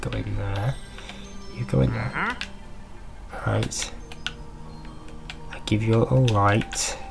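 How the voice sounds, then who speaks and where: A man's voice: lowish voice, fairly even intonation, takes it slowly. A man giving casual gameplay commentary, swearing freely and chatting to his in-game pet. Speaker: gamer. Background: clear background music.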